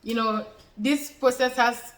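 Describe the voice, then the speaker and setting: A woman's voice: on the high side, fairly even intonation, slow pace, poor audio. A woman explaining a health topic to her viewers in a loose, informal way, restating each point several times with fillers. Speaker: health educator answering questions. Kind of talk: informal explanatory talk to camera.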